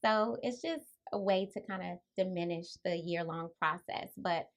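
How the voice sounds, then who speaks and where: A woman with a soft, quiet voice, calmly explaining her ideas as an author guest on a radio talk show. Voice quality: soft, low-volume voice. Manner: calm, spiritual, unhurried explaining. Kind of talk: radio interview answers.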